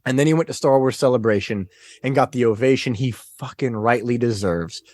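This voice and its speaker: A man guest on a podcast, chatting casually and retelling scenes in an excitable, animated way. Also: medium pitch, fairly quick, no room sound. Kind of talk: casual chat.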